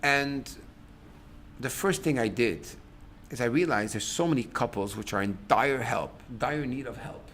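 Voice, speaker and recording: A middle-aged man, a rabbi, giving a lecture to a class on relationships. He tells stories in a lively way, acts out what people say, and breaks into sudden loud outbursts. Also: mid-range voice, measured pace, a little hiss or hum. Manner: animated storyteller, acts out quotes, sudden loud bursts.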